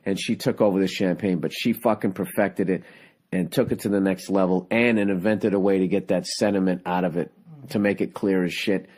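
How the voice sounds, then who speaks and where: Rambling, profane man with a lower voice. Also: steady tone, brisk, a little mellow. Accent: Boston. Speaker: podcast host. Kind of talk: casual chat.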